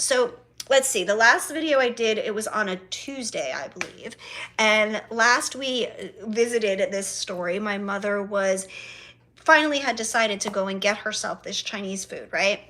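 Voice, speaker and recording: A woman's voice: medium pitch, expressive, moderate pace, pushed and bright, slight background noise. A woman telling a family story to her viewers in a chatty vlog, swearing freely and acting out both sides of conversations with her mother. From South Florida. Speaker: vlogger. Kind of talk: casual storytelling to camera.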